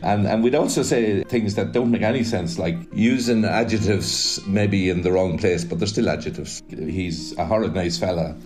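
A man from County Leitrim with a Leitrim Irish accent, a writer and actor musing slowly in an interview with some hesitations. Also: low-pitched. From County Leitrim, Ireland. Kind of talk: reflective interview talk. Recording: guitar music underneath.

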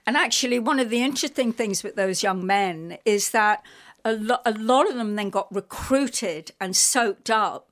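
A middle-aged woman with a London accent, a radio guest telling an animated, emotional story with many fillers. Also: a little high, moderate pace. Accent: London English. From England. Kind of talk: casual radio interview chat.

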